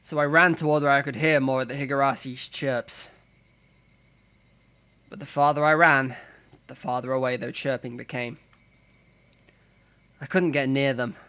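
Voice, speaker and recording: A man's voice: mid-range voice, steady tone, moderate pace, long pauses, bright, forceful tone, clear, resonant tone. A male streamer reading a visual novel's text aloud with drama, breaking off for joking, profane asides.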